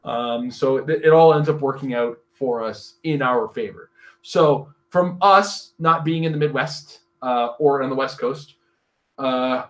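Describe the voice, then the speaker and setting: Animated Canadian man, joking rants. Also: mid-range voice, unhurried. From Northern Ontario, Canada. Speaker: podcast co-host. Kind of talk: casual chat.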